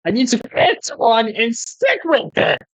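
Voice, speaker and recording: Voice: medium pitch, huge pitch swings, unhurried, no echo. A YouTube gamer giving loose, self-mocking let's play commentary.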